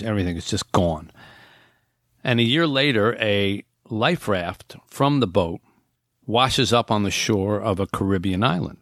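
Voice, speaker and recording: A man with a lowish voice hosts a casual podcast and walks listeners through a story, sprinkling in ums and restarts as he goes. He sounds close to the mic in a dry, dead room. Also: dry recording. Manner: conversational storytelling with frequent fillers and restarts. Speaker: podcast host. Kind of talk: casual podcast, retelling a book's plot.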